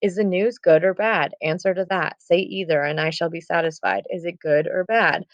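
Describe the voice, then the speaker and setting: Lady reading out an anxious teen girl waiting on news, lowish voice, dull dry sound. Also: fairly even intonation, moderate pace, dry recording, natural voice. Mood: impatient. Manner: reads old verse plainly, then restates it in modern words. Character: anxious impatient teenage girl in love. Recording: dull, muffled recording.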